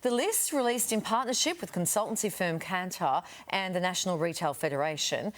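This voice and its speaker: A woman's voice: on the low side, animated, brisk. A woman with an Australian accent presenting morning TV news, reading links and chatting with a guest. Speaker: TV news host.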